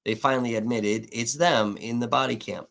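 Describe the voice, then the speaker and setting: A man at mid pitch tells a story to his livestream audience in loose, swear-heavy talk. He keeps the retelling animated and acts out each side of the conversation as he goes. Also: normal speed, creaky. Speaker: livestream host and independent writer. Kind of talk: casual profane storytelling.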